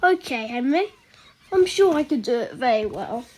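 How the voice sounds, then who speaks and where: A woman's voice: sits high, sing-song, moderate pace, dark tone, slight background noise. Woman voicing an eager little tank engine. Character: eager cheerful young male tank engine.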